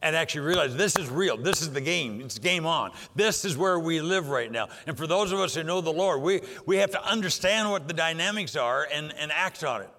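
An older man preaching a sermon, emphatic and repetitive, pushing some lines loud and dropping others low for effect. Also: expressive, a little fast, few pauses. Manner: emphatic, rising and dropping for effect, repeats phrases. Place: church sanctuary. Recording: long hall reverb.

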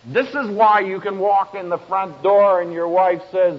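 A man speaking to an audience as a family counselor, telling stories in a slow, emphatic way with dry humor. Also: sits high. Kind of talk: speech to an audience. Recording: dull lo-fi recording.

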